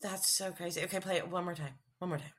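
A woman hosting a podcast interview, asking eager, excited questions in casual conversation. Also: fairly low pitch, fast talker, a little hiss or hum. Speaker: podcast host.

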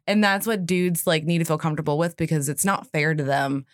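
A woman's voice: sits low, a little fast, dry recording, clean studio sound. A woman co-hosting a podcast in casual chat, talking candidly, swearing freely and laughing often. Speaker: podcast co-host.

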